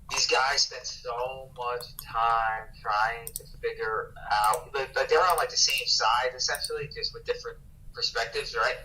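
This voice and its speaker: Bright-voiced man ranting off-mic. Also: mid-range voice. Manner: emphatic, profane, repeats words, calls listener bro. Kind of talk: heated casual livestream rant. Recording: distant mic with faint background noise.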